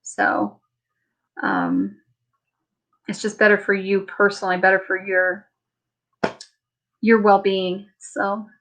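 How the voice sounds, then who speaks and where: A worn-out woman hosts a late-night live stream from her home, chatting loosely and answering viewer comments. She rambles, laughs easily and keeps her tone relaxed and teasing. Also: medium pitch, slow, long pauses. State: tired. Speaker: livestream host. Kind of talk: casual live chat reading viewer comments.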